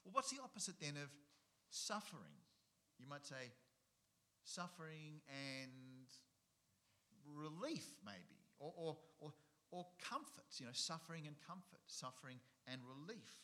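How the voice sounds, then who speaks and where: A man's voice: fairly high pitch, lively intonation, a little slow, pushed and bright. A middle-aged man, preaching a sermon and driving his points home with rhetorical questions and repetition. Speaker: pastor.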